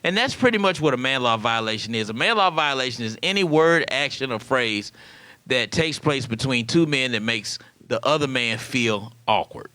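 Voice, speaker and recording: A man in his thirties hosting a comedic podcast monologue, acting out quoted dialogue in an animated way. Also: medium pitch, moderate pace, no echo. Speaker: podcast host.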